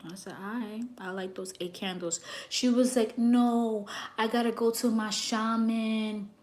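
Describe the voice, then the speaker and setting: A young woman who works as a psychic reader, telling a story to her viewers in a brash, animated way and swearing freely. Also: on the high side, unhurried.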